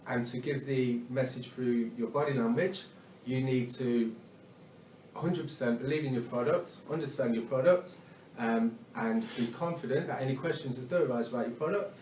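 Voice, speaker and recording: A man's voice: mid-range voice, darkish tone, slight background noise. A man giving a sales training talk, hesitant and full of ums and uhs, often checking in with "okay?". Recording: echoey room, mic at a distance.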